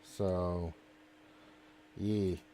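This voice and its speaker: A man's voice: sits low, level tone, drawn-out words, dark tone, slight background noise. Guy hosting a game stream, distracted, keeps groaning oh god while playing. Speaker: live stream host. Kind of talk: casual gaming stream chat.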